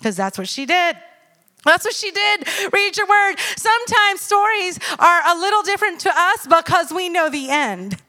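A woman in her thirties preaching a sermon in an animated, chatty way, often checking in with her listeners. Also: very high-pitched, normal speed. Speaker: church speaker.

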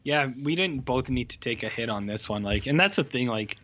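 A man's voice: medium pitch, animated, a little fast, a bit bright, lo-fi sound. A man co-hosting a podcast, griping about a film in casual, profane chat full of fillers. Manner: profane, exasperated, lots of fillers. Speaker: podcast co-host.

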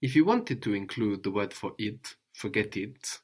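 A man's voice: lowish voice, big pitch swings, moderate pace, breathy edge. A man teaching a one-on-one language lesson, patiently drilling with prompts and tag questions.

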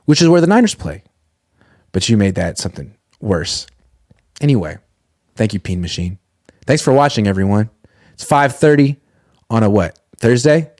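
A man hosting casual sports commentary, talking in a sarcastic, deadpan way. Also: mid-range voice, moderate pace, pauses often, no room sound, studio quality.

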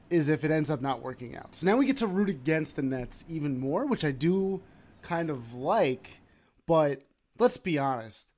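A man co-hosting a casual sports chat, animated and ranting with sudden loud outbursts. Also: a little high, normal speed. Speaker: podcast co-host.

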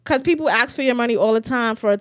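A woman co-hosting a podcast in casual chat, animated and profane, laughing often. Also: a little high, fast talker, dry recording, clean studio sound. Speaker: podcast co-host.

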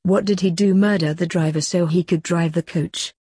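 A woman voicing a stern male nobleman in a storybook reading, speaking bluntly and slowly. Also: lowish voice, steady tone, warm tone, slightly rough, no room sound, clean studio sound. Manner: slow, blunt.

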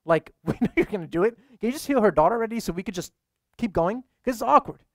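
A man's voice: high-pitched, lively intonation, fast, no room sound, pitched above the performer's own voice. A preacher putting on a group of impatient, embarrassed male disciples with a raised, exasperated voice. They plead in a clipped, fed-up way, and the sound is dry and close.

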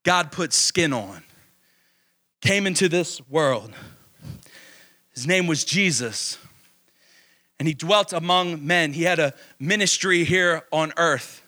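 A man's voice: a little high, slow pace, long pauses, pushed and bright. A man preaching a sermon, emphatic, asking questions and answering them himself, stretching key words.

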